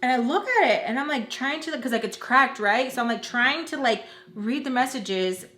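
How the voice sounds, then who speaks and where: Animated young woman telling a storytime. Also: sits high, normal speed. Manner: animated, lots of filler "like", quotes others in lively voices. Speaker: storytime vlogger. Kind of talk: casual storytime. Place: indoors at home doing makeup. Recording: echoey room.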